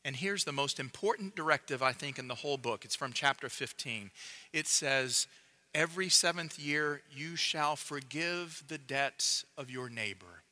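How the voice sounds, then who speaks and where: A man preaching a sermon in a measured, emphatic way, dropping to a hush to drive points home. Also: medium pitch, animated.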